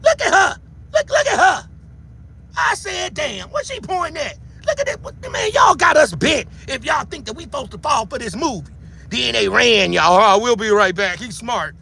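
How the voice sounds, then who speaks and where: A man giving heated livestream commentary who shouts, taunts his viewers and keeps repeating a catchphrase. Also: extremely high pitch, sing-song, moderate pace, creaky.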